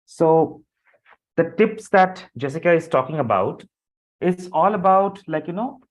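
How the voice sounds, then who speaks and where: A man's voice: on the high side, expressive, a little slow. A man leading a live online training session over a video call, speaking loosely with frequent fillers and restarts. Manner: loose, repetitive talk with many fillers. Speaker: session instructor. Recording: dull lo-fi call audio.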